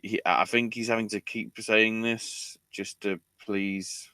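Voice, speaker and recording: A man hosting a casual podcast chat, his delivery sarcastic and exasperated as he recaps. His voice is bright and forceful, a touch low, and sits close and dry on the mic with no room around it. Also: steady tone, slow pace, smooth, dry recording. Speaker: podcast host.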